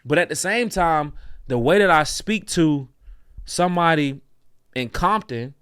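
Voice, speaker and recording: A man co-hosting a casual reaction show, speaking in an animated, opinionated way. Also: on the high side, unhurried, smooth, no room sound, clean studio sound. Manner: animated, opinionated, slips into mocking voices. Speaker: co-host.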